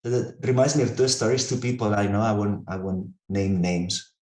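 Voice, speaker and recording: A man telling stories in conversation, halting, with frequent restarts. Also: on the low side, a little mellow, roomy sound. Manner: halting, many restarts and fillers, storytelling. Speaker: researcher and interviewer. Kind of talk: conversational storytelling.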